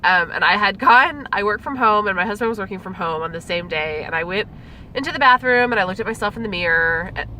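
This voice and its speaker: A woman co-hosting a podcast speaks in a bright, slightly tense voice. She shares a personal story in an earnest, confessional way. A faint hiss runs under the recording. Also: medium pitch, animated, fast talker, rough recording. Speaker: podcast co-host. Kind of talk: casual podcast chat.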